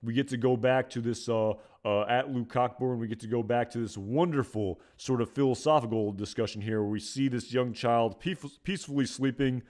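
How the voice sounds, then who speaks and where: A man's voice: mid-range voice, moderate pace, hardly any pauses, darkish tone. A man giving casual episode commentary, rambling and hesitant with many fillers. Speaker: video commentator.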